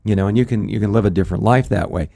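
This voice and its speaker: A man's voice: on the low side, racing, gravelly, dark tone. A middle-aged man, a pastor, talking in a folksy way, telling stories and quoting scripture in a ministry radio discussion. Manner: folksy, anecdotal, quotes scripture.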